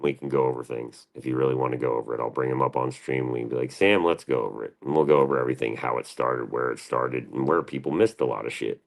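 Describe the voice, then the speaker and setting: Very deep-voiced man ranting at chat. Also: fairly even intonation, fast, gravelly, hardly any pauses. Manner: profane, combative, defensive. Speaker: livestream host. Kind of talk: livestream rant answering chat.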